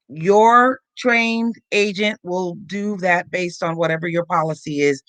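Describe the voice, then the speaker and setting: Bright dry-voiced man explaining steps. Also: sits high, dry recording. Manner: steady explanatory, lists steps. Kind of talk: business explanation.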